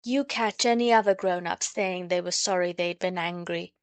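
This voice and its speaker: A woman's voice: lowish voice, moderate pace, clean tone, natural voice. Bobby, a woman voicing an earnest young girl. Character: eager bright girl, the eldest sister.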